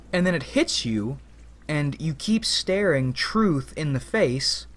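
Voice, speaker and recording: A man's voice: a little high, lively intonation, slow, fairly bright tone. A man giving a rambling, philosophical spoken monologue as a vlogger, with casual profanity.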